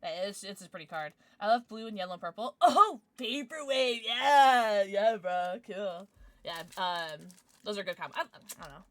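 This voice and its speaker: A woman's voice: fairly low pitch, fairly quick, dry recording. A young adult woman streaming, chatting casually with viewers in a bubbly way, gasping and squealing as she reacts. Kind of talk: casual livestream chat.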